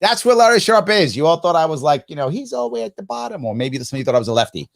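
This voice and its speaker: A middle-aged man hosts a live stream and talks his way through quiz questions as he goes. His voice sits a bit higher than most men's, and he keeps breaking off to rephrase himself with a chuckle. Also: sing-song, very fast. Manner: musing aloud, frequent self-interruptions and laughs. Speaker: show host.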